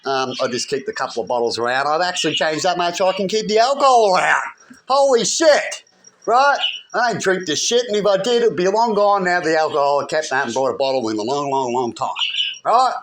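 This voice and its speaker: A man's voice: a little high, brisk, fairly bright tone, a little hiss or hum. A man ranting heatedly to camera, rambling and often asking "right?". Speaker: vlogger. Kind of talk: agitated personal rant.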